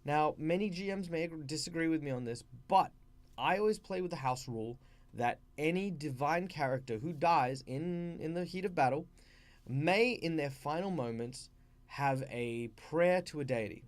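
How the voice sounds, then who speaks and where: A man's voice: fairly high pitch, moderate pace. A man with an Australian accent hosting a channel, casually explaining tabletop role-play tips and often restarting his sentences. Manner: rambling, with frequent fillers and restarts. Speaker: channel host.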